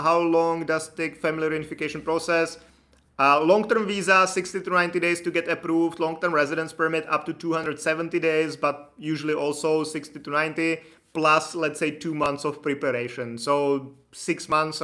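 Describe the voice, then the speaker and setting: Casting note: man, bright and slightly high voice, casual and chatty live-stream host. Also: normal speed. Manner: relaxed, chatty, laughs easily, reads viewer comments aloud. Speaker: immigration consultant hosting a live Q&A.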